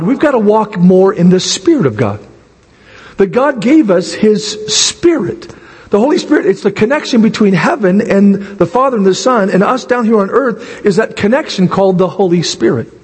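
A pastor preaching a sermon with a hoarse, raspy voice. He builds toward near shouts at his high points. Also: long reverb tail.

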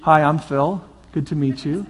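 A man preaching as a pastor, energetic and coaxing, often repeating his calls to the crowd. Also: on the high side, moderate pace. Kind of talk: lively sermon demonstration. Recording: long hall reverb, faint crowd.

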